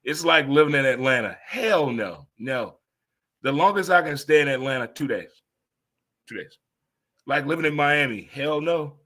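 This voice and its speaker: A man in his fifties riffs through a casual sports talk monologue in a bright, forceful voice. He rambles and exclaims, jumping into sudden high-pitched outbursts. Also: animated, moderate pace. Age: 50s.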